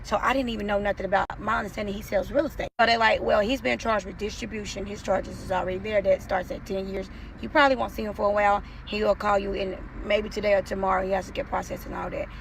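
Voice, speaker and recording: A woman rattles off a personal story at top speed, her slightly high voice full of gravelly fry. She swears freely and acts out every quote. Faint background noise hums behind her. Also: fast talker, few pauses. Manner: profane, animated, acts out quotes. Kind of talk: casual storytime.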